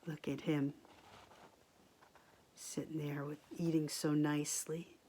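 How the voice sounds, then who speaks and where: A woman teacher reading a picture book aloud to children, expressive, gasping and asking the listener questions. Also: low-pitched, slow, slight background noise.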